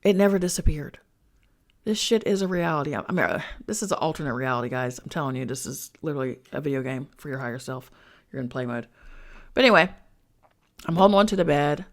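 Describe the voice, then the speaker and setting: A woman hosting a podcast, telling a personal story in a chatty, slangy way, swearing and speaking straight to her listeners. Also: sits low. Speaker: podcast host and spiritual coach. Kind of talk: casual storytelling.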